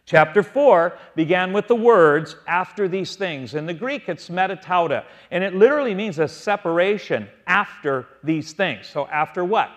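Man, Bible teacher, fairly high voice, asks and answers his own questions, drawn-out key words.

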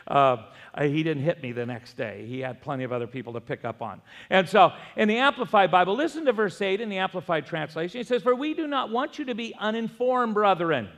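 An older male pastor delivers a sermon in a high, gravelly voice. He mixes scripture with folksy, self-mocking stories, and his words ring out with the long reverb of a church hall. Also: fairly bright tone. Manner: folksy storytelling, self-deprecating humor. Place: church sanctuary.

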